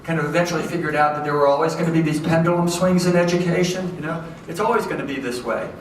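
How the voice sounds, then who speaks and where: An education professor gives an animated public lecture to educators in a large hall with an audience, keeping it lively and conversational and checking in with "okay?" and "right?". His voice is fairly high and he talks fast. The recording picks him up from far off in the echoey hall, with faint noise.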